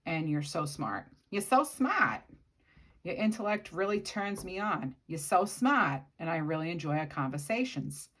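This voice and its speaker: A woman voicing a flirty admirer in a put-on accent, breathy and admiring. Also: deep voice, steady tone, a little fast, few pauses.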